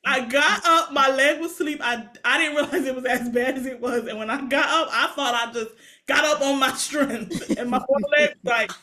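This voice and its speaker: In easygoing podcast talk, a young female co-host tells stories with lots of energy and plenty of laughter, her high-pitched voice moving at normal speed.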